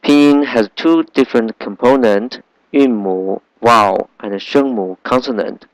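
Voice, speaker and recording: Slow patient guy teaching a language class, mid-pitched, dry recording. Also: no echo, low-quality recording. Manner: slow, patient, repeats sounds in drills with many fillers. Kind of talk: language lesson.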